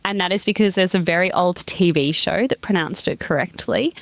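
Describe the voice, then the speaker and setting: A woman talking as a guest on a casual podcast, good-humoured and quick to laugh. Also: lowish voice, vocal fry, dry recording. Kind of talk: casual chat.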